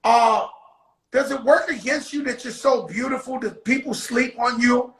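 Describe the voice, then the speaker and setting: A man's voice: extremely high pitch, normal speed, fairly bright tone, echoey room, rough recording. A man interviewing a guest in loose, joking street slang, swearing freely and teasing. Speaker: interviewer, rapper. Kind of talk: casual interview chat.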